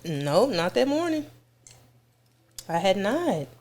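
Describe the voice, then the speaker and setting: A woman's voice: mid-range voice, very animated, slow pace, darkish tone. A woman recounting an experience in casual conversation, effusive and repeating words for emphasis. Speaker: guest describing her experience.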